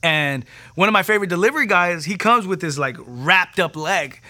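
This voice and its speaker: A preacher telling his personal testimony in a casual, animated way, using slang, acting out the people he quotes and repeating words when excited. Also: high voice, normal speed.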